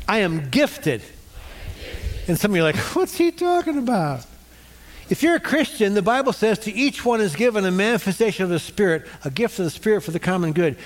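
A middle-aged man preaches a sermon with a lively delivery and keeps drawing the congregation into call-and-response. His voice sits somewhat high for a man. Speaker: pastor.

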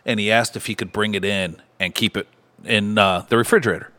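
A man with a Midwestern American accent, a bar owner telling a story in casual podcast chat, animated and swearing freely. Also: on the low side, fairly quick.

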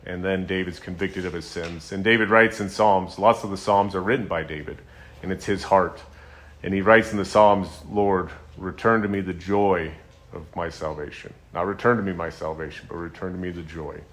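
A man's voice: sits low, a little fast, a bit bright. A man preaching a sermon in a conversational, earnest way, with ums and restarts as he retells scripture stories.

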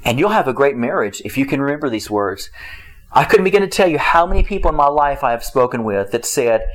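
A man giving a faith-based talk on marriage, emphatic and repetitive, with his pitch swinging up and down. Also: animated, fast talker, rough recording. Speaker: marriage teacher.

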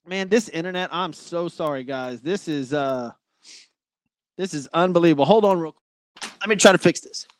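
This man hosts a sports podcast, chatting loosely about game matchups and betting picks and apologizing when glitches come up. His voice is fairly high and moves at a moderate pace, with a little hiss or hum in the recording, and he's breathing heavily.

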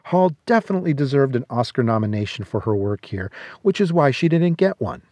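A man's voice: medium pitch, sing-song, fairly quick, darkish tone, dry recording. A man reading a scripted horror film countdown review with a wry, sardonic delivery.

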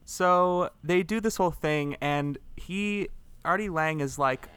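A young man co-hosting a podcast, trading dry, deadpan jokes in casual banter. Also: a little high, slow, clear, resonant tone, no echo. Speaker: podcast co-host.

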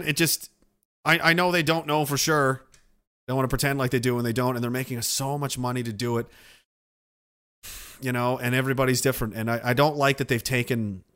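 A man's voice: medium pitch, fairly bright tone, clear, resonant tone. Rambling profane man streaming. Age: older. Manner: rambling, profane, self-interrupting. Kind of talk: casual chat reading viewer messages.

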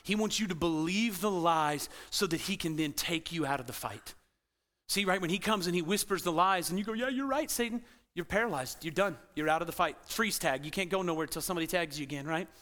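A man preaching a sermon as pastor to a congregation in a church, animated and swinging between loud emphasis and quiet intensity. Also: fairly high pitch, a little fast. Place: church sanctuary.

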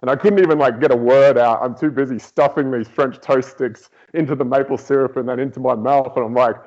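A man's voice: medium pitch, a little fast. Man telling a story with gusto. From outside the United States. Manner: animated storyteller, acts out quotes. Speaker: podcast guest. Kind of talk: casual storytelling. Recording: dull lo-fi audio.

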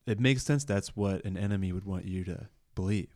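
Man, very deep voice, reflective casual talk, dry sound a bit away from the mic. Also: brisk, darkish tone, no room sound. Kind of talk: casual chat.

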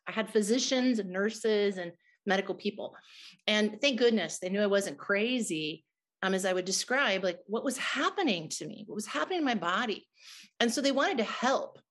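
A woman's voice: mid-range voice, a bit bright. A middle-aged woman, a guest in an interview, telling a personal testimony in an earnest, emotional way.

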